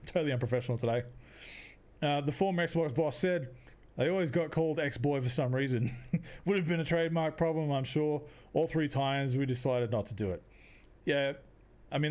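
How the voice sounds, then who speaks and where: A man's voice: mid-range voice, darkish tone. A young man hosting a casual solo podcast, rambling, laughing often and restarting his sentences. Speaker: podcast host.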